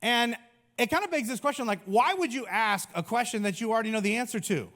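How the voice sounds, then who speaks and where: A man's voice: extremely high pitch, expressive, quick pace, a bit bright. A middle-aged man preaching a conversational sermon as a pastor, casual and joking, with many fillers.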